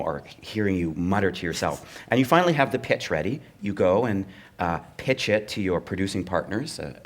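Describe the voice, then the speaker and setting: Middle-aged male comedy writer, dry anecdotal delivery, mimics other voices, low-middle register. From Canada. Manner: wry, anecdotal, acts out the voices of network executives. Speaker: comedy writer and performer, guest. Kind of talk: live onstage conversation, storytelling.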